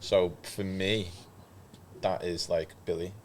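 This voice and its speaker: A guest musician, a man, answering softly and hesitantly in casual chat, a little off-mic. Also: deep voice, fairly even intonation, slow, slight background noise.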